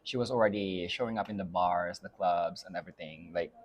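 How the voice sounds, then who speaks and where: A man's voice: deep voice, fairly quick, lo-fi sound. A man from the Philippines, a guest in a casual interview, chatting in a giggly way with lots of fillers and trailing thoughts. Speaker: interview guest, drag house mother.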